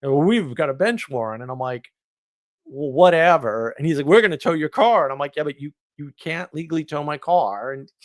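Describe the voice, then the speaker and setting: Animated, indignant New man. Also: a little high, no echo. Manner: animated, indignant, laughs often, repeats words. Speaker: podcast host. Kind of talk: casual storytelling on a live stream.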